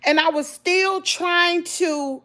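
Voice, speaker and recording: A middle-aged woman with a Southern accent speaks slowly in a very high-pitched voice. As a vlogger, she shares hard times with her viewers in a casual, emotional, animated way, addressing them as "y'all."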